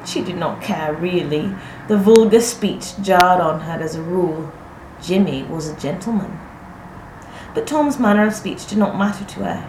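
A woman's voice: lowish voice, moderate pace. Woman reading a story in an echoey room. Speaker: audiobook narrator. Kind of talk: literary audiobook narration. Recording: echoey room, faint noise.

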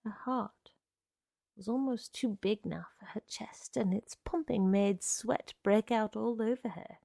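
A woman narrating literary fiction in a measured, hushed, low-key manner. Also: gravelly, no room sound, studio quality.

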